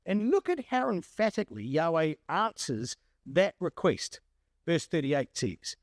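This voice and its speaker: A man preaching a Bible study in a high, highly animated voice that rises and falls sharply. He speaks with emphasis and calls out to his listeners. The recording is dry and close. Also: measured pace, no echo. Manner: emphatic preaching, addresses the congregation directly. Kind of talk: sermon.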